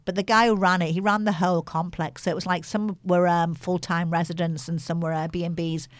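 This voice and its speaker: A woman's voice: lowish voice, flat delivery, normal speed, dry recording. A woman in her sixties with a Liverpool accent, chatting casually and rambling through a story. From England. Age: 60s. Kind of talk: casual chat.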